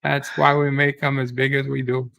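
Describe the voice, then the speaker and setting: A cheeky Australian waiter, put on by a man with a put-on Australian accent. He pitches specials in an upbeat patter over a gravelly voice. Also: little pitch movement, normal speed, sharp tone, poor audio.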